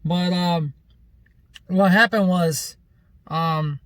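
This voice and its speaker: High-voiced man rambling through a story. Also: steady tone, extremely slow, fairly bright tone, dry recording. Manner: rambling, loose and profane, full of fillers. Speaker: vlogger. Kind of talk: casual storytelling.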